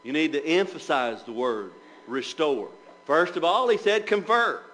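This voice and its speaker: Man preaching with rhetorical questions, higher-pitched. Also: lively intonation, measured pace, fairly bright tone, rough recording. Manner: asks rhetorical questions, reads scripture in old wording. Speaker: preacher teaching church members. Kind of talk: Bible class sermon.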